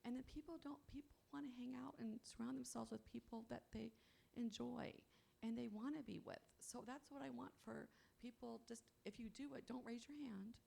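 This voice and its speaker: Gravelly-voiced woman giving a pep talk. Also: fairly high pitch, fairly even intonation, normal speed, mellow. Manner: upbeat, keeps asking "you know what?". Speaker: conference speaker. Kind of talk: motivational talk to an audience. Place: on stage at a convention.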